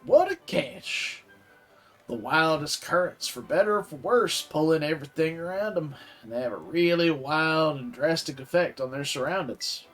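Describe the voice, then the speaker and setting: A man voicing a hearty old man with a put-on Southern US accent, reading game dialogue in a booming, drawn-out way. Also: expressive, a bit bright, soft background music. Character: boisterous old sailor-like man.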